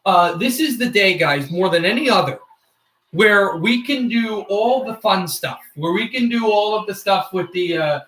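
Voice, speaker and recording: A man hosting a casual hockey livestream who rambles, interrupts himself and breaks into shouted play-by-play calls. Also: high voice, animated, moderate pace, roomy sound. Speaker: livestream host. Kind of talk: casual hockey watch-along chat.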